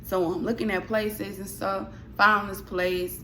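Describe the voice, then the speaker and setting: A young woman telling stories in a casual vlog, sassy and animated, often calling the listener "child". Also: mid-range voice, unhurried, noisy background. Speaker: vlogger.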